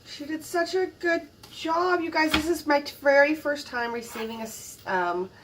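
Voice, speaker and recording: A woman hosting a crafting channel, narrating an unboxing in a casual, gushing way, admiring each item with soft exclamations. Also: high-pitched, normal speed, far from the mic, background noise.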